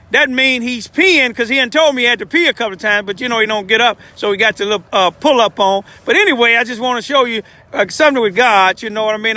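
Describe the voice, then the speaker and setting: A man's voice: sits high, pushed and bright. An older man giving an informal, emotional street testimony as a self-styled lay preacher, rambling with repeated asides. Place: outdoors in the cold, urban street.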